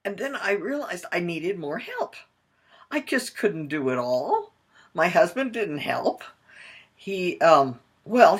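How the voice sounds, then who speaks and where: Husky, lively older woman storyteller. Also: on the low side. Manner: expressive, acts out voices in her story. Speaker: parenting coach. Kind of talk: personal storytelling to moms.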